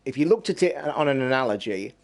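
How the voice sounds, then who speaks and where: A man's voice: mid-range voice, animated, fast talker, gravelly. A man, a podcast host ranting on a live stream, heated and passionate, swearing and drawing out words for emphasis. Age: 50s.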